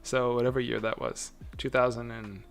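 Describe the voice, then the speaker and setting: A man's voice: medium pitch, little pitch movement, moderate pace, vocal fry. A man hosting a casual livestream chat, rambling along and laughing often. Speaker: host.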